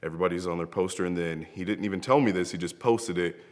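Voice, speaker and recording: Seated in front of a camera indoors, a grieving young wrestler honors a late friend, rambling through heartfelt stories and laughing often. He talks fast in a low voice, the camera mic picking up a large-hall sound.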